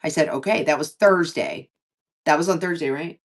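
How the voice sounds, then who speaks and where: A livestream co-host, recorded on a distant mic and speaking at normal speed, chats casually through a long story. She's animated and swears freely, acting out what people said by lowering and raising her voice.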